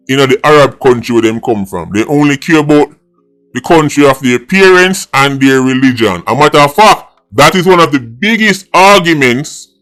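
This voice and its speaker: A man's voice: a little high, fairly bright tone. A middle-aged Jamaican man with a Jamaican accent, giving a blunt, mocking monologue as a political vlogger, mixing patois and English. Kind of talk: opinionated monologue.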